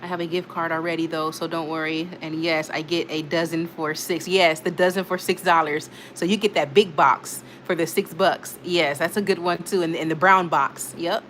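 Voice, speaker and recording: A woman's voice: deep voice, steady tone, moderate pace, few pauses, fairly bright tone, a little hiss or hum. A woman hosting a casual live stream, chatting and laughing as she reads out comments from her viewers. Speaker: livestream host reading chat.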